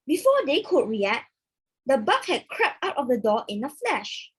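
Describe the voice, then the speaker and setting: A young female student reads a story aloud for oral exam practice. Her voice is high and lively, a little husky, and she takes her time over each line. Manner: slow, careful, expressive reading. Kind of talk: reading a passage aloud.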